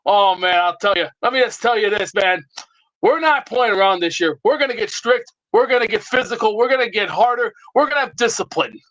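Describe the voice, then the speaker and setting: A man's voice: sits high, fairly quick, fairly bright tone, muffled recording. A man calling in to a sports talk show with a blustering, drill-sergeant style rant. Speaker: regular caller. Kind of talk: ranting call-in bit.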